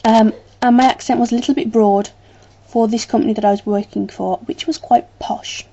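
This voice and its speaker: A chatty British woman talks straight to her webcam, wandering through her thoughts with frequent ums. Her voice sits a bit high but sounds soft and mellow. The recording is dull and lo-fi. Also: fairly even intonation, normal speed, breathy edge. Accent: British English. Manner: rambling, chatty, lots of ums. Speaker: vlogger. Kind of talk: casual chat to camera.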